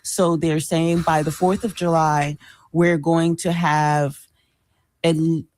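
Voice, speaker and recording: A woman's voice: low voice, flat delivery, slow, darkish tone, no room sound. A woman co-hosting a morning radio show, explaining things casually with hesitant fillers. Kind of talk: casual chat. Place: radio studio.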